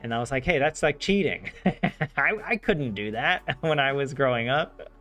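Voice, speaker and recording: A man's voice: medium pitch, moderate pace. A man with a Southern American accent, chatting casually and rambling with lots of fillers as he studies a language on his vlog. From southern United States. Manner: rambling, many "like" fillers, animated asides. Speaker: language learner host. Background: soft game music.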